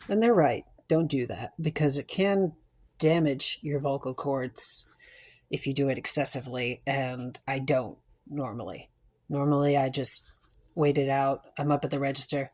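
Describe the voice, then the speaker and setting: Woman, young adult, sore throat, husky, low-pitched, chatty vlog storytelling. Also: steady tone, moderate pace, a little mellow. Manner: chatty and playful, with frequent fillers. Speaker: vlogger. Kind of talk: casual storytelling to camera.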